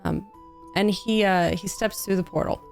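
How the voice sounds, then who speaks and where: A woman narrating a tabletop game as dungeon master, in measured storytelling. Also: medium pitch, steady tone, vocal fry, faint music behind.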